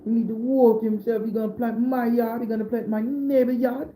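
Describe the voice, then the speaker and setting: A man's voice: very high-pitched, fairly even intonation, a little fast, mellow, echoey room, voice pushed up, poor audio. A man doing an angry man. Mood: demanding. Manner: heated, cursing, broken patois phrasing. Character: angry Jamaican man with dreadlocks, demanding.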